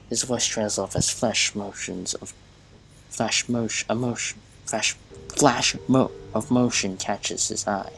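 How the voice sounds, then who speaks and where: Gravelly low-voiced man reading game text. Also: steady tone, slow, soft background music, low-quality recording. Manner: casual, stumbles and restarts while reading. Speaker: gamer.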